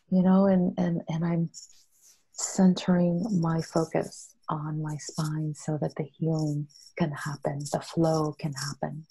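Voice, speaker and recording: Woman, 50s, interview guest; gentle, compassionate self-care talk, unhurried and warm-toned. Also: low voice, level tone, breathy edge, rough recording. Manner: slow, soothing, compassionate; drops to whispers at times. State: in pain.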